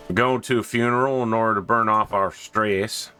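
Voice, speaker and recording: A man's voice: on the low side, fairly even intonation, moderate pace, few pauses, pushed and bright, clear, resonant tone. A man hosting a gaming video, giving casual gameplay commentary with joking, self-mocking asides.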